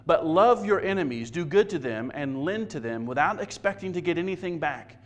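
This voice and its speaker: A man's voice: fairly high pitch, animated, brisk. A man preaching a sermon as pastor, conversational and self-deprecating, often stumbling and repeating words.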